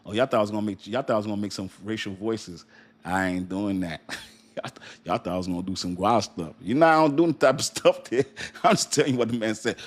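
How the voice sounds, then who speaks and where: A man hosting a casual crypto livestream, joking and talking straight to his viewers in an animated way. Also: lowish voice, fast talker.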